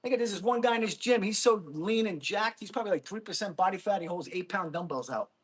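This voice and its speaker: Livestream host, New man, husky higher voice, blunt, mocking, quick to laugh. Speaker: livestream host reading chat. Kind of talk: casual livestream rant. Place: gym.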